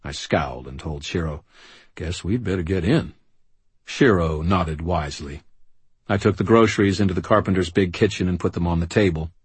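A man's voice: sits low, a little fast, slightly rough, no room sound. A man giving dry, wry first-person narration for an audiobook.

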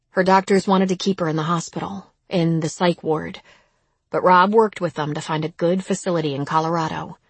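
A woman narrates a story in a measured, somber manner. Her voice is husky and sits low, and the recording is dry and close. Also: dry recording. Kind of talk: audiobook narration.

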